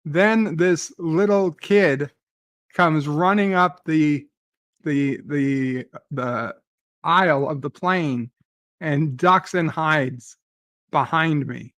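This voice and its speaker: A man's voice: on the high side, very slow, a bit bright, dry recording. Profane, stammering man ranting. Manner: profane, agitated, stammering restarts. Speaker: live stream host. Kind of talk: ranting dream retelling.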